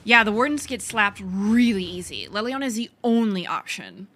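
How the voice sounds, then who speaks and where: A woman's voice: mid-range voice, big pitch swings, moderate pace, fairly bright tone. A woman streaming a video game, chatting casually as she thinks aloud, laughing and swearing often. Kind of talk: casual gameplay commentary.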